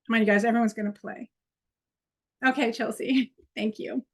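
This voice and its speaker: A woman's voice: on the high side, fairly even intonation, normal speed, a bit bright. A woman instructor leading an improv exercise in a training workshop, encouraging and conversational. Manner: encouraging, conversational, with playful demonstrations.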